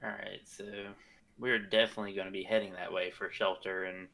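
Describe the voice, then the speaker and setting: Player, male, lowish bright voice, a bit distant from the mic. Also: little pitch movement, fairly quick, vocal fry. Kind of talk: casual tabletop play.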